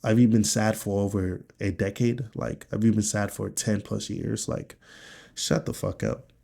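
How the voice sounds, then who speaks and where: A man from Nigeria talking candidly in a personal video diary, with a low, subdued and profane, rambling delivery. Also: little pitch movement, a little slow, vocal fry, warm tone. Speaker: vlogger.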